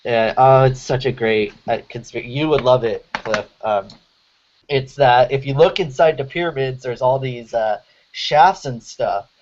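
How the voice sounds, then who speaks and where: A man jokes through a casual online group chat, pausing often with fillers as he builds up his story. His voice is heard through dull lo-fi call audio with a faint hiss underneath. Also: mid-range voice. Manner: joking, hesitant, full of fillers.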